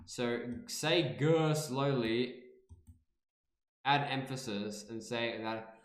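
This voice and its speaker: A man's voice: mid-range voice, very slow, reverberant. A man streaming live and reacting casually, playful, repeating words over and over and swearing freely.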